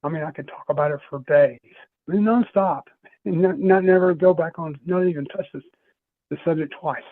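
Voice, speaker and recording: A man's voice: fairly high pitch, brisk, no room sound. A middle-aged man, a podcast guest, telling a personal story in an earnest, rambling way, often restarting his phrases. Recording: tinny phone-line sound.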